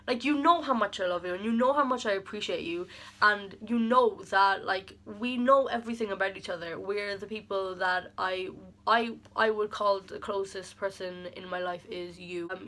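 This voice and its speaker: A young woman with a bright, clear voice talking straight to camera in a long, rambling birthday message to her best friend. She tumbles through fillers and stories, tender and openly emotional. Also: medium pitch. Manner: rambling and affectionate, heavy use of "like"; emotional, near tears at times. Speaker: vlogger. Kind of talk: heartfelt personal birthday message.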